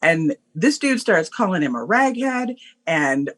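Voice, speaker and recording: A woman guest telling a story in a casual, animated way, laughing often and using lots of fillers. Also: on the low side, measured pace.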